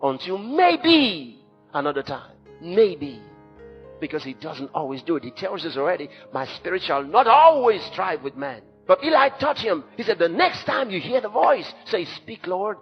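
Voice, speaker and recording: Emphatic preacher, high lively voice. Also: male voice. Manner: emphatic preaching with sudden shouts and dramatic drops. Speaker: pastor. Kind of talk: sermon. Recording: dull lo-fi sermon recording with faint music.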